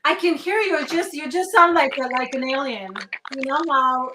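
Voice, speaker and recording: A woman hosting a live interview over a video call, asking questions in an unhurried, encouraging way. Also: high-pitched. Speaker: host. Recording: loud noisy call.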